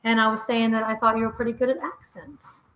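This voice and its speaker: A middle-aged woman hosts a casual vlog from inside her home, chatting live with viewers and laughing often. Her fairly high voice is steady, a little fast, and a bit bright. The recording has a roomy echo and a faint hiss or hum.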